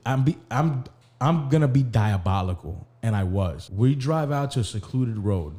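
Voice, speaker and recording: A man's voice: mid-range voice, animated, normal speed, mellow. A man hosting a podcast, telling a personal story in casual, profane chat. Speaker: podcast host.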